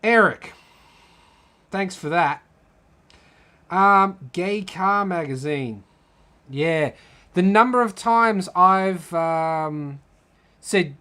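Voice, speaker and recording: Slow-talking Australian man. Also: high-pitched, sharp tone, clean tone. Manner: rambling, repeats words, swears casually. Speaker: live stream host. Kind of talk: casual live Q&A chat.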